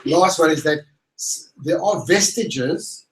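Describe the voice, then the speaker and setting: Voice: mid-range voice, slow pace, a bit bright, poor audio. Panel moderator asking a guessing question. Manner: asks questions while guessing at the answer, checks with "right?". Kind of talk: live science Q&A.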